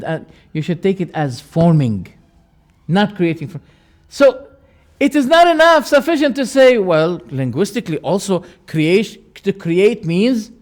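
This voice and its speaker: A man teaching a lecture on religious creed, emphatic and repeating key words, with sharp rises and quiet drops. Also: high voice.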